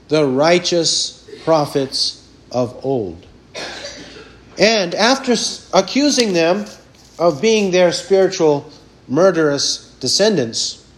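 A man preaching an expository sermon, emphatic and deliberate, firing rhetorical questions at his listeners. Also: high voice.

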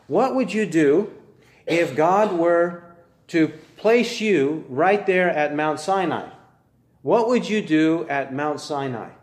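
A man preaching a sermon, building his points through earnest, measured rhetorical questions. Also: a little high, animated, reverberant.

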